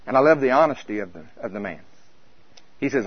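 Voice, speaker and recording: An older man preaches a sermon in a folksy, impassioned way that swells and falls back. His voice is husky and sits at an ordinary pitch. The sound is dry and slightly muffled. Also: lively intonation, quick pace, no echo.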